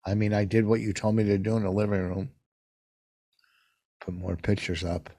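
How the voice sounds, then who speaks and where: A man's voice: on the low side, level tone, normal speed, mellow, dry recording, studio quality. An older man co-hosting a podcast, telling stories in a rambling, defensive way. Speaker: podcast co-host. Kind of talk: casual chat.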